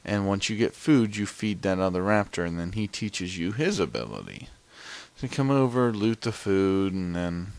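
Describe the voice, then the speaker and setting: A man's voice: fairly low pitch, expressive, normal speed, gravelly, darkish tone, no echo. A man casually narrating his gameplay in a chatty, rambling way.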